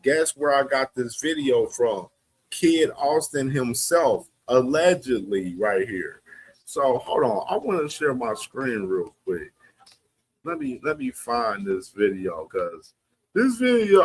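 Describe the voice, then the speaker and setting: Slow-talking man hosting a boxing stream. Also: mid-range voice, sing-song, slightly rough. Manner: loose slangy banter. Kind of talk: casual livestream commentary.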